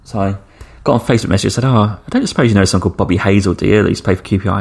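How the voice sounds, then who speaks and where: A man's voice: on the low side, very fast, creaky, husky. A man hosting a travel podcast, telling a story in a chatty way and acting out the people he quotes. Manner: chatty, acts out quoted dialogue with shifting voices. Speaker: podcast host. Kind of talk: casual storytelling.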